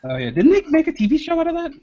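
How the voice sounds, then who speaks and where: A man's voice: very high-pitched, wildly swooping pitch, racing, warm tone. A man joking around on a video call, laughing a lot. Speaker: artist on a show. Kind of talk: casual chat on a video call. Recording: dull lo-fi call audio.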